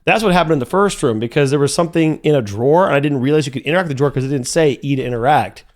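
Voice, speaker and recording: A young man commentating his own gameplay live, talking to his chat and growing frustrated, with sudden high yelps. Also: rapid-fire, darkish tone. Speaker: streamer playing a horror game.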